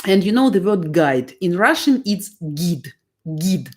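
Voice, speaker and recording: A woman's voice: medium pitch, animated, moderate pace. Ukrainian-accented woman on a live q&a stream, chatty, explains stuff with lots of uh's. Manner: chatty, explains step by step with fillers. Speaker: dating coach answering viewer questions.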